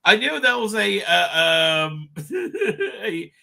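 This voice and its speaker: A man's voice: high voice, very animated, very slow, creaky, pushed and bright. A man hosting a live stream, rambling crudely and laughing often between his own remarks.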